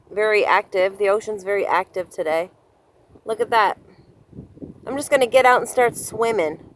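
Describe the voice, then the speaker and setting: A woman's voice: mid-range voice, fairly bright tone, slight background noise. A woman chatting casually into her handheld phone by the ocean, laughing often and apologizing. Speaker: vlogger. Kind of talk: casual vlog chat. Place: by the ocean coast, near a car. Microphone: phone held in hand.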